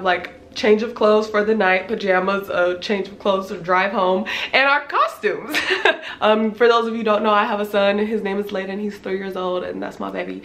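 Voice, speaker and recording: A woman in her twenties with a congested voice, casually telling a storytime tale with animated delivery, laughing often and filling her talk with "like.". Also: medium pitch. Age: 20s. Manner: animated, laughing, lots of "like" fillers. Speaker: vlogger. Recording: roomy echo, faint background noise.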